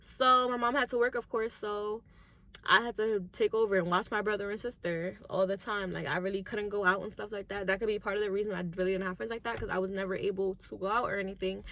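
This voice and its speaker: A young woman in her twenties telling her life story in an emotional vlog, soft-spoken and on the edge of tears, with many "like"s. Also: mid-range voice, fairly even intonation, fast talker. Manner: soft-spoken, filler-heavy, tearful at times. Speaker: YouTuber and lash tech.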